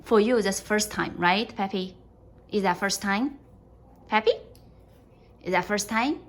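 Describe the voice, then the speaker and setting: A woman at home filming her dog, coaxing it in a high sing-song voice with lots of repeated words. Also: measured pace, a little hiss or hum. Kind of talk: casual talk to a dog.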